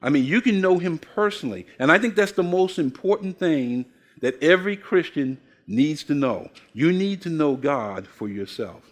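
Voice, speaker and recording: A man's voice: a little high, animated, normal speed. An older man preaching a sermon, asking the congregation questions and telling folksy stories with acted-out voices. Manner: folksy storytelling, acts out quoted voices. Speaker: pastor.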